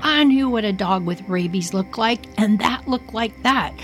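A woman hosting a podcast, telling a personal childhood story in an expressive, emotional way. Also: mid-range voice, unhurried, faint music behind. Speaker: podcast host.

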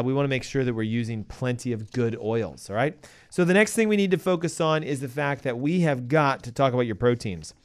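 A middle-aged man hosting a health show, giving emphatic, punchy advice full of rhetorical questions and quick asides. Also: medium pitch, smooth. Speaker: health podcast host. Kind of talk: energetic health advice talk.

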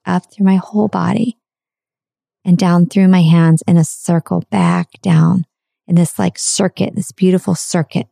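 A middle-aged woman with a low, mellow, gravelly voice earnestly tells a personal story, repeating phrases and slowing down to dwell on words. The sound is close and dry, with no room or echo.

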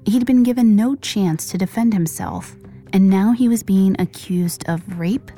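A woman narrating a scripted true-crime story with measured pacing and dramatic pauses. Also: mid-range voice, mellow, soft background music. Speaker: podcast narrator.

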